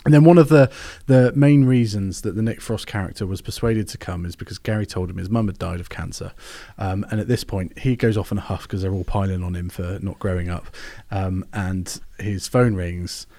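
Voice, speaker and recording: A man's voice: low voice, normal speed, hardly any pauses, dark tone. A man in his thirties, co-hosting a casual film chat, easygoing and recounting scenes with casual swearing. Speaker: podcast co-host.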